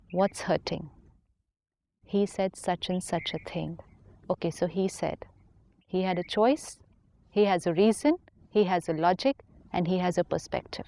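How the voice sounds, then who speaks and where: Lady, spiritual teacher, calm explaining on a talk show, mellow warm tone. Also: fairly low pitch. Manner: calm, explanatory, acts out inner dialogue. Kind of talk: counselling talk show conversation.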